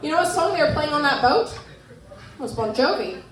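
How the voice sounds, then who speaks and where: A woman's voice: high-pitched, lively intonation, normal speed. A woman in her thirties with a New Zealand accent, doing a stand-up set with dry, self-deprecating jokes and crowd work. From Canada. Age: 30s. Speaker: stand-up comedian. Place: comedy venue with live audience. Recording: roomy live club sound.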